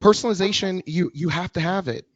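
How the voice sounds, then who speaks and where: High-voiced man stumbling through a pitch. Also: no echo. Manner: halting, stumbles and restarts. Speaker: webinar co-presenter. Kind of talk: casual webinar explanation. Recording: dry, dull audio.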